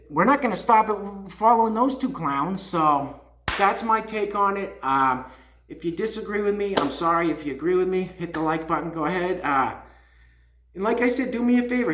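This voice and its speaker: A man's voice: high-pitched, animated, fairly quick, fairly bright tone, slight background noise. A man hosting his own channel, scolding and repeating himself in a heated opinion rant. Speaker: YouTube channel host. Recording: echoey room.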